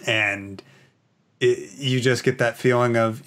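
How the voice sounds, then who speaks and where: A man's voice: mid-range voice, fairly even intonation, slow pace, fairly bright tone. A man from Canada hosting a casual podcast, reading out viewer comments in a rambling, filler-heavy, enthusiastic way. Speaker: podcast host.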